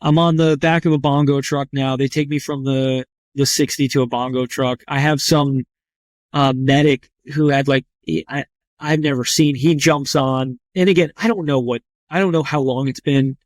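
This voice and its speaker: A man's voice: medium pitch, fairly even intonation, moderate pace, no echo. A man, a trauma surgeon and podcast guest, telling his story in a blunt, profane and casual way with frequent restarts.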